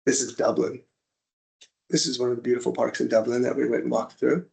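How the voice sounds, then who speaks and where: Lively American man giving a casual slide talk. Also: medium pitch, a little fast, vocal fry. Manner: chatty storyteller who acts out little dialogues. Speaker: presenter at an interest group talk.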